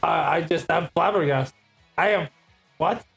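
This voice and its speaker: A man playing a tabletop game, talking in character in an excitable, stammering, jokey way. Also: a little high, measured pace, gravelly, faint music behind. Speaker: player. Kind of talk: in-character tabletop role-play.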